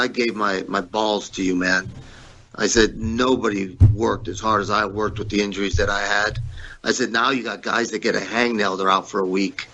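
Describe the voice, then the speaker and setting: A man's voice: lowish voice, highs cut off. Blunt, profane man telling stories. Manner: blunt, profane, animated when quoting others. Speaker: guest, former pro wrestler. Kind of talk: candid storytelling interview.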